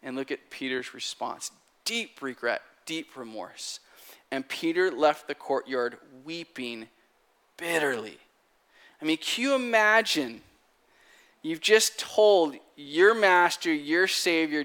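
A man preaching a sermon, retelling a story in an animated, conversational way. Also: a little high, slow.

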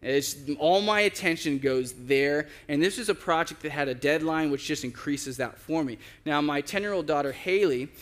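Male pastor, fairly high voice, casual sermon delivery with acted-out quotes. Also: fairly bright tone. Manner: conversational, acts out quoted voices with big pitch jumps.

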